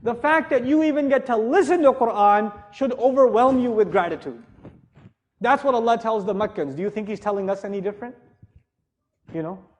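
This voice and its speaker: A man's voice: very high voice, a little fast. A middle-aged man giving a religious lecture to a live audience, conversational and joking, then rising into emphatic passages. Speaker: Islamic speaker.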